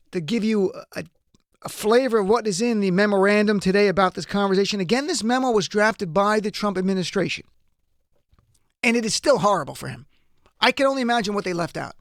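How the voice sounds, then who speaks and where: A man's voice: sits high, lively intonation, a little fast, fairly bright tone, dry recording, clean studio sound. A man hosting a political talk show, delivering a wry, incredulous commentary monologue straight to his listeners.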